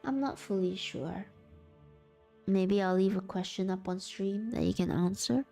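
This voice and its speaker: A woman streamer at home, talking to her chat and narrating a story in a slow, steady voice. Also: medium pitch, vocal fry, faint music behind. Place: at home, sitting on the floor.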